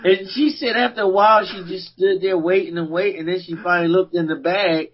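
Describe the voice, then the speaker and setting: A man co-hosting a podcast, telling stories in a casual, animated way and laughing often. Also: high-pitched, a little fast. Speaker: podcast co-host. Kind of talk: casual storytelling chat. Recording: dull lo-fi recording.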